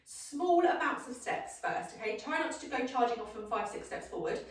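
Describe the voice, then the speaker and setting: A woman who trains dogs gives an upbeat demonstration, often checking in with "okay?" as she instructs. Her voice is on the high side and animated, at a normal speed. The recording is echoey, with the mic far off.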